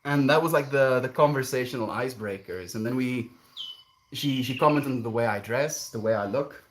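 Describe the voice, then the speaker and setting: A man's voice: medium pitch, moderate pace, slight background noise. Rambling man telling a story. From South Africa. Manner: rambling, repeats words, animated. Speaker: streamer. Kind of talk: casual storytelling on a stream.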